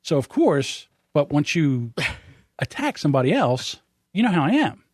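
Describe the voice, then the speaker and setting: A fifty-something man hosts a podcast and chats casually with his co-host. He tells stories with animation and acts out what others said. His voice sits a little high and sounds close and dry. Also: very animated, normal speed, darkish tone, no echo. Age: 50s.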